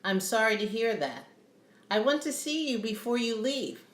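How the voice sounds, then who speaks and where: A woman's voice: on the high side, sing-song, moderate pace, a bit bright, pitched above the performer's own voice. A woman reading the lines of an eager young woman talking to a friend, her voice raised. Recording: roomy echo.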